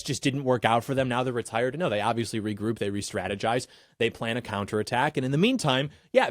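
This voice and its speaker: A man's voice: mid-range voice, no echo, clean studio sound. A male host delivering a political commentary monologue in a combative, sarcastic manner.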